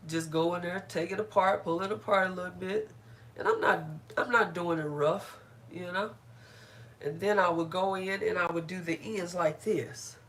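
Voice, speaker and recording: A woman's voice: on the low side, a bit bright, a little hiss or hum. A middle-aged woman chatting casually on a live stream while doing her hair, laughing often and greeting viewers by name.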